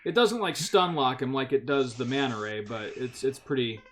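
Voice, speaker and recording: A man's voice: medium pitch, normal speed, a bit bright, slight background noise. A man hosting a casual video game playthrough, swearing and laughing easily as he plays. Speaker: let's play host. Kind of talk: casual gaming commentary.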